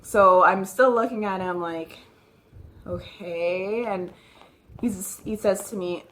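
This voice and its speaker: A woman with a mid-range, slightly bright voice speaks a little slowly over faint background noise. She's vlogging to the camera, rambling casually through a personal story about a nervous, upsetting visit. She's chatty, leans on "like" a lot, and keeps restarting her sentences.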